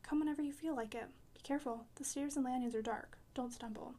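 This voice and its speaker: A sharp-tongued elderly French woman who plays the piano, read aloud by a woman. Her voice sits high and the lines come quickly, brusque and teasing, with French words slipped in. She speaks as the storybook's odd, blunt old artist.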